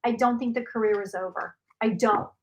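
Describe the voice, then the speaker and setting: A woman's voice: fairly high pitch, steady tone, fairly quick, low-quality recording. A woman hosting a casual psychic livestream from home, chatting loosely, repeating herself and answering viewer questions. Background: dog barking.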